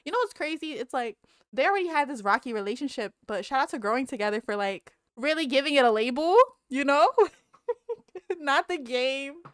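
A woman giving casual, animated commentary on her game, talking straight to viewers, swearing and laughing often. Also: sits high, moderate pace, dry recording, clean studio sound. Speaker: Let's Play creator.

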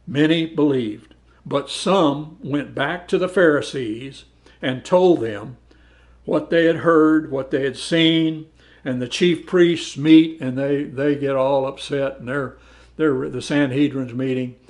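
This medium-pitched male voice takes its time. He's teaching a Bible study, reading verses out loud and then explaining them conversationally, frequently repeating words along the way.

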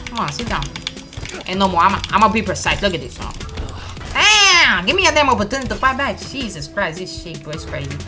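Woman host for let's play commentary: excitable, slangy, taunting, animated pitch, over game music. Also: a little fast. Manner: excitable trash-talking, shouts taunts at enemies; slangy, swears often. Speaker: gaming channel host.

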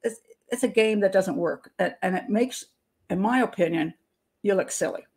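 A woman's voice: mid-range voice, normal speed, a little mellow, husky. An older woman hosting her channel, giving frank, opinionated commentary on a criminal investigation. She talks through restarts and laughs between points. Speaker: criminal profiler, channel host. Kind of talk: casual commentary monologue.

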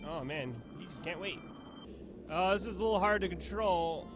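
A playful young man hosts a let's play, chatting casually over a video game, laughing often and reading the game's lines in put-on voices. His voice is high-pitched at a normal speed, with music in the background.

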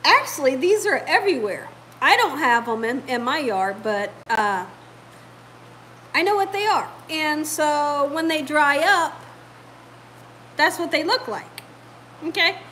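A woman's voice: high-pitched, animated, unhurried, pauses often, sharp tone, a little hiss or hum, low-quality recording. A woman, hosting a home cooking video in her kitchen and chatting to viewers like a storyteller. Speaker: cooking channel host. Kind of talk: casual home cooking chat.

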